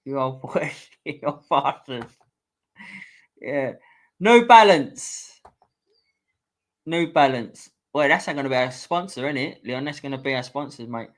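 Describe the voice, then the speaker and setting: A man's voice: mid-range voice, fairly bright tone. A man hosting a fan livestream, chatting in matey, casual banter. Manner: matey, chummy. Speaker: host of fan campaign livestream.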